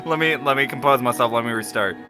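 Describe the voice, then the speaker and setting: A gaming streamer reading a visual novel aloud and reacting with profane, animated commentary. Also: mid-range voice, fast, music in the background.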